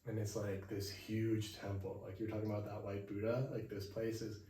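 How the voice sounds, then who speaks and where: A young man hosting a podcast, telling a travel story in a relaxed chat at home and acting out the people he met. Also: on the low side, normal speed. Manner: animated, acts out quoted voices. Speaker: podcast host. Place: indoors at home. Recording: echoey room, mic far off, faint hiss.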